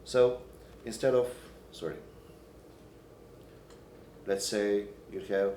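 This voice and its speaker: A man teaching a Byzantine chant class, explaining in halting phrases and breaking into short sung examples. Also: lowish voice, fairly even intonation, mellow, a little hiss or hum. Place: church hall or classroom. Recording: echoey room, recorded from a distance.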